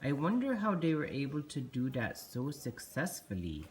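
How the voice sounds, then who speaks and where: A woman voicing a gentle, patient female unicorn who hosts a kids show and teaches in a slow, soothing way. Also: very deep voice, very animated, breathy edge, exaggerated voice. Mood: calm. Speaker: host.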